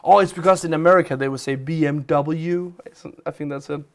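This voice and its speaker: A man's voice: on the high side, racing, vocal fry. A man hosting a game live stream, chatting casually as he plays, with a chatty, rambling manner. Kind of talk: casual live-stream chat while playing games.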